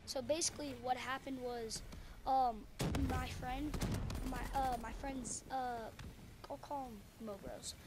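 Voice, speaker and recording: A woman's voice: high voice, steady tone, takes it slowly, very noisy. A woman telling a story casually to camera, rambling and full of ums and self-corrections, on a headset mic. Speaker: video creator.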